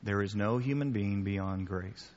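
A man's voice: lowish voice, measured pace, darkish tone. A man preaching casually to a group, taking their questions, repeating key phrases and calling his listeners guys. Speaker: pastor. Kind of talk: sermon with audience questions. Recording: muffled sound with long hall reverb.

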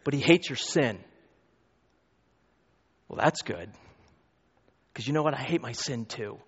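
A man's voice: medium pitch, expressive, husky. Male pastor, emphatic sermon, long hall reverb, dull lo-fi sound. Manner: emphatic, rising to loud peaks, quick asides. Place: church hall.

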